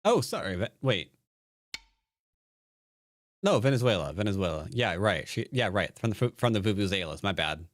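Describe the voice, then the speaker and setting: A somewhat low-pitched man talking casually into a close mic, his voice dry with no room around it. He commentates a game of Go and banters with viewers, playful and jokey, tumbling over restarts. A tired edge runs through it. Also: big pitch swings, moderate pace, pauses often, no room sound. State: tired from little sleep. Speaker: Go player and teacher streaming a game. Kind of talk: casual live-stream commentary answering chat.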